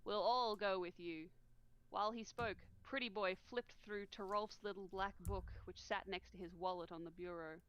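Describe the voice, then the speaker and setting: A woman's voice: medium pitch, fairly even intonation, moderate pace, hardly any pauses, a bit bright, highs cut off. Giggly woman reading aloud with jokes. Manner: reads dialogue in mock accents, giggles often. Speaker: co-host reading a novel aloud. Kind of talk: casual reading with comic commentary.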